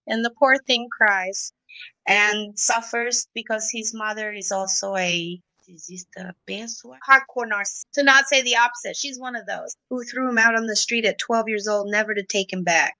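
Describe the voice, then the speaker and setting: A woman's voice: a little high, a little slow, sharp tone, no echo, low-quality recording. Emotional middle-aged woman telling her story. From Brazil. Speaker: interview guest. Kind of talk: confessional interview talk.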